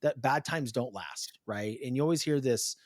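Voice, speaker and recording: Animated man, dry close sound. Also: medium pitch, normal speed, no echo. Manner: animated storyteller, acts out quotes. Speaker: podcast host. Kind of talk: casual interview chat.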